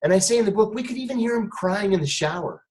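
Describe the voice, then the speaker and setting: Animated middle-aged man telling a story. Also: sits high, quick pace, low-quality recording. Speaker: guest. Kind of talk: storytelling anecdote in conversation.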